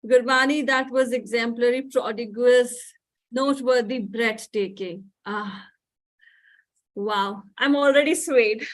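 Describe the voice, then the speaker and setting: A woman's voice: fairly high pitch, steady tone, slow pace. A woman hosting a student performance event, effusive and heaping praise on performers. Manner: effusive, piles on praise words. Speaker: event host. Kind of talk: introducing performers.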